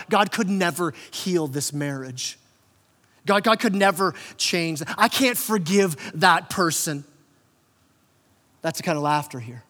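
A man's voice: on the high side, a bit bright, long reverb tail. A man preaching a conversational sermon as pastor, often repeating words and acting out quotes. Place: church hall.

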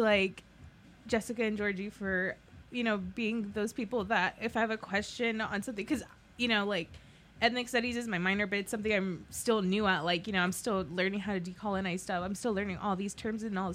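A young woman in her twenties, a podcast co-host, talking in a halting, tearful way, laughing through tears as her voice breaks. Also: mid-range voice, a bit bright, slight background noise. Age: 20s. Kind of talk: emotional casual chat.

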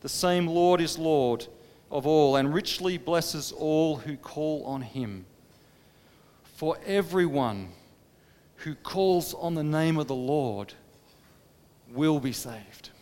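A man preaching a sermon, dramatic, swinging between impassioned pleading and hushed, quiet stretches. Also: fairly high pitch, takes it slowly, pauses often. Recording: long reverb of a large hall.

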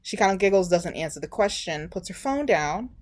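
Animated woman recapping a reality show. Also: lowish voice, a little fast. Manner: animated retelling, acting out quotes. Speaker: podcast co-host.

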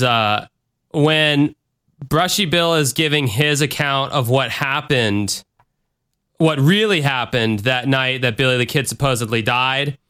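A man co-hosting a podcast in casual, animated chat, often mimicking voices. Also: clear, resonant tone. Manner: animated, mimics voices with big jumps in pitch. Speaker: podcast co-host.

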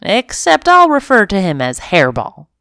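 Brief: a high-strung little tomcat kitten, a woman doing the voice, lifted pitch, lively swoops. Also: a little slow, dry recording, clean studio sound, heavily acted. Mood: cheeky. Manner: pleading, high-strung and theatrical. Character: anxious dramatic male kitten.

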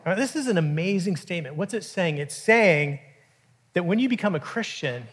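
A man, preaching a sermon in a conversational, animated way with frequent restarts. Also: high voice, moderate pace, breathy edge. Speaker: pastor.

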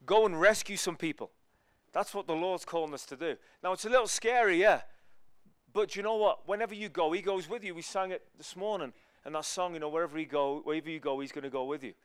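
Male guest preacher, chatty storyteller, somewhat high, smooth clear tone, dry close sound. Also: fast talker, dry recording. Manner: conversational, storytelling, swings between loud and hushed. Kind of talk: sermon.

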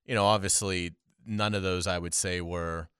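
Deep smooth-voiced male football analyst. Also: fairly even intonation, moderate pace, fairly bright tone, dry recording, studio quality. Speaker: sports show co-host. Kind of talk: casual sports analysis.

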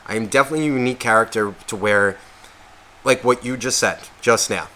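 A man co-hosting a casual podcast, rambling and swearing constantly, often restarting and questioning himself, and growing loud and heated when worked up. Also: medium pitch, brisk, a little hiss or hum. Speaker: podcast co-host.

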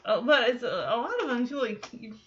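A woman's voice: on the high side, animated, fairly quick, slight background noise. A young woman from Michigan chatting casually through an episode, laughing often and acting out the characters' lines. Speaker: show reaction vlogger. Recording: dull lo-fi recording.

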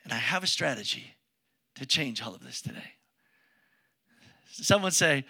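A man's voice: medium pitch, animated, normal speed, creaky, bright, forceful tone, slightly rough. A man preaching a sermon as pastor, casual and joking, asking his congregation questions as he speaks. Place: church sanctuary with congregation.

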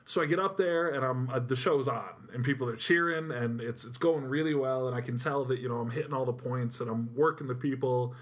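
Fast-talking man telling a story. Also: mid-range voice. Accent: Upstate New York. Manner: animated anecdote telling. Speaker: podcast co-host. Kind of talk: casual chat.

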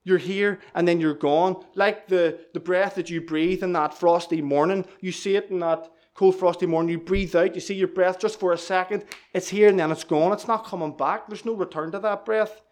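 A man preaches with urgent, pleading emphasis and keeps coming back to the same phrases. His voice sits high for a man. It is a plain evangelistic sermon aimed straight at the listener. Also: fairly even intonation, moderate pace, few pauses.

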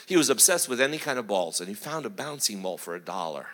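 A middle-aged man, a pastor, telling family stories in a sermon, animated and chuckling as he acts out the voices. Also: fairly low pitch, fast. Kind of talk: sermon storytelling.

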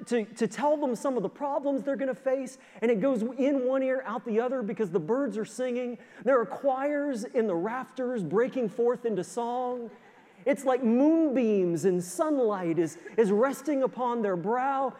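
A male pastor preaching a sermon, telling stories in an animated way and often stumbling over repeated words. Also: very high voice, moderate pace. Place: church sanctuary. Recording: long church hall reverb.

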